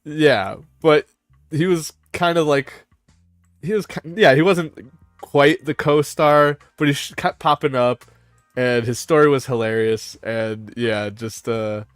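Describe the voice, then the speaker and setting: A man's voice: mid-range voice, a little slow, smooth, no room sound, studio quality, faint music behind. A man hosting a casual panel chat, rambling, swearing and laughing as he retells scenes. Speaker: host.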